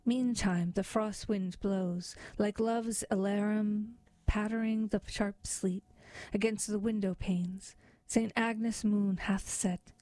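Female poetry reader, measured and expressive, very slow, dry close sound. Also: medium pitch, no echo. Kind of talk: poetry reading.

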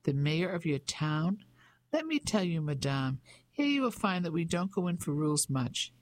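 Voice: mid-range voice, big pitch swings, normal speed, natural voice. A reader voicing a cocky, self-assured local fisherman who teases and mocks in an audiobook. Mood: teasing. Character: cocky teasing local fisherman, grown man. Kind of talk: audiobook character voice.

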